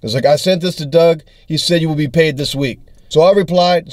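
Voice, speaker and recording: Speaking briskly in a slightly high, somewhat mellow voice, a young touring comedian vents an angry, profanity-laced story for his video diary. He performs the text exchanges and calls himself, and there's no room sound.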